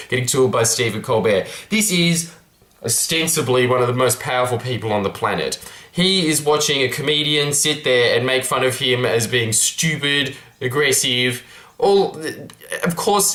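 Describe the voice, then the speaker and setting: A man's voice: mid-range voice, fairly bright tone. A young man giving a casual self-help talk to camera, earnest and rambling, with many restarts. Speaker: vlogger. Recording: roomy echo.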